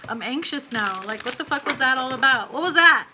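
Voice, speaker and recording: A woman in her thirties giving a live tarot reading in a casual, excitable way. She swears freely, laughs often and calls her viewers boo and babe. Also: sits high, brisk, noisy background. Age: 30s. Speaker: tarot reader.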